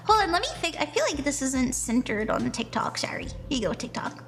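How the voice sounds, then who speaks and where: A woman streaming a spellwork session, chatting casually with a giggly, bubbly manner and slipping into soft, slow affirmations. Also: high voice, big pitch swings, gravelly, loud music behind the voice. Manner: bubbly and giggly, often laughs. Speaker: streamer doing tarot and spellwork. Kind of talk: casual livestream chat.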